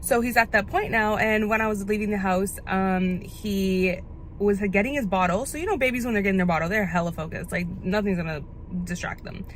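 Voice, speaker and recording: A woman's voice: mid-range voice, brisk, slight background noise. A young woman vlogging into her phone, rambling casually with lots of "like" as she runs errands and talks at home. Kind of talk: casual vlog chat to camera. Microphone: phone held at arm's length.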